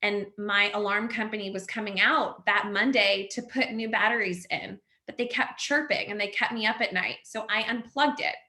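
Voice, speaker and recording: Woman, 30s, house fire survivor, rambling storytelling, filler-heavy, bright voice, echoey video call. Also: medium pitch, steady tone, normal speed, hardly any pauses. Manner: rambling, filler-heavy, "like" and "next thing you know". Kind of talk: personal storytelling on a webinar. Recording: echoey room.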